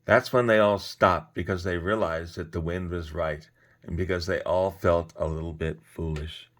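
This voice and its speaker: Male storyteller, deep voice, expressive storybook reading. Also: normal speed. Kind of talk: reading a children's story aloud.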